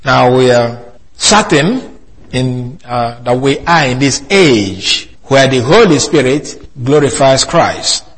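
A man preaching an expository sermon, measured and deliberate, slowing right down to quote scripture with emphasis. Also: mid-range voice, lively intonation, low-quality recording. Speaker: pastor.

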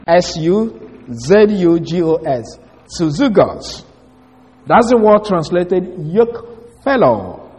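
A man giving an expository Bible teaching, reading verses slowly and spelling out Greek words letter by letter. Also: sits high, very animated, warm tone. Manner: slow, emphatic reading of scripture. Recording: long hall reverb.

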